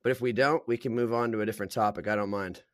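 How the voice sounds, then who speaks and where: A man's voice: lowish voice, steady tone, very fast, dry recording, studio quality. A man hosting a casual chat, rambling and loose, with ums and uhs. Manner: laid-back, rambling, fills with ums and uhs.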